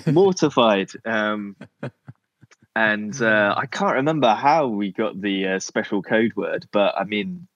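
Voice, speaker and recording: On a muffled recording with no room sound, a Cornishman in his thirties talks with a lowish voice and lively intonation. He's a podcast guest in casual conversation, speaking haltingly, cutting himself off to restart sentences and chuckling often.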